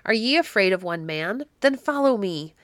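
A woman's voice: mid-range voice, normal speed, fairly bright tone, clean tone, no room sound, natural voice. A woman voicing a furious, cruel baron barking orders at his men in a storybook reading. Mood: commanding. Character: furious vengeful male baron, cruel commander.

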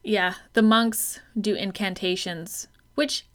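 A woman's voice: medium pitch, steady tone, slow. Woman, podcast co-host, irritated, profane, wry, casual chat. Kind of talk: casual film review chat.

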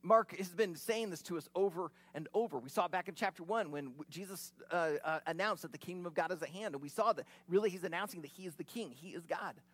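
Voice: medium pitch, fast talker, hardly any pauses, no room sound. Conversational preacher, vivid storytelling, dry sound. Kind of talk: expository sermon.

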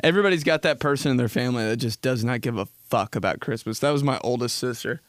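Quick-paced and recorded at studio quality without echo, a man in his twenties hosts a podcast full of casual comedy. He rambles, laughs frequently, and acts out quotes in high-pitched voices.

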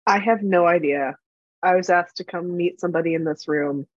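A woman player trades quick, playful replies in a tabletop game. Her voice sits slightly low. The recording is dull and lo-fi, with a dry, close sound. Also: dry recording. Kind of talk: casual tabletop play.

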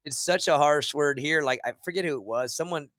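A man's voice: fairly high pitch, fairly quick, fairly bright tone. A young man, a musician guest, chatting in an easygoing way and laughing along. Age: young adult. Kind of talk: casual chat.

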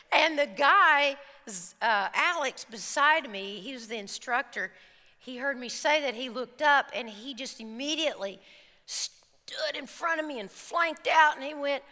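Woman preacher, high and animated, echoing hall. Brief: expressive storyteller. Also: unhurried. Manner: animated storytelling, acts out screams and quotes. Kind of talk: sermon with personal story. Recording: reverberant hall.

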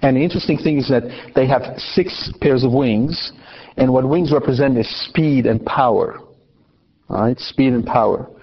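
A man's voice: mid-range voice, normal speed, slightly rough, muffled recording. A man teaching on Scripture and the liturgy to a class, putting questions to his listeners and answering them himself, with frequent restarts. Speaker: Catholic teacher. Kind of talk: Bible teaching talk.

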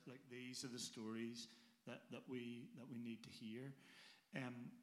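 A man's voice: mid-range voice, flat delivery, a little slow, roomy sound. A man, a pastor, hosting a church service and moving on to questions, a little hesitant.

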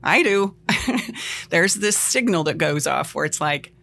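Low gravelly woman, expressive advice. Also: measured pace. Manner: expressive, acts out quoted lines, laughs easily. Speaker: relationship expert guest. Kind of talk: animated podcast advice.

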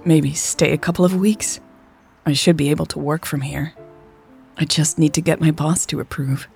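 A woman voicing a thoughtful young woman in sales, speaking in a low, measured way. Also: steady tone, gravelly, darkish tone, soft background music. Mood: reflective.

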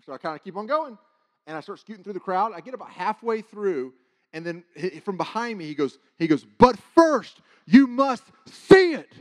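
A man preaching, telling a personal testimony in an animated, excited storytelling way. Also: high-pitched, brisk. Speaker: guest preacher.

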